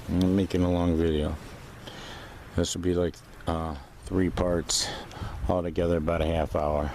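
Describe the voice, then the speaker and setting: A man's voice: low voice, flat delivery, a little slow, a little mellow, a little hiss or hum. A man ranting to camera in a vlog, rambling, profane and agitated. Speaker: vlogger. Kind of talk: casual rant to camera.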